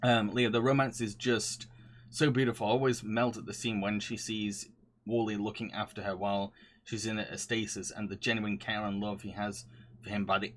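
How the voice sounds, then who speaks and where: A man's voice: lowish voice, little pitch movement, normal speed, slight background noise. A man streaming live, chatting casually and reading viewer comments, often laughing and gushing with frequent restarts.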